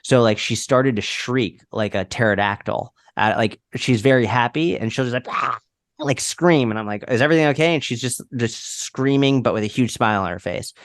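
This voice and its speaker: A man's voice: medium pitch, normal speed, hardly any pauses, dry recording, studio quality. A young adult man chatting as a podcast guest, rambling with lots of "like" fillers. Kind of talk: casual conversational storytelling.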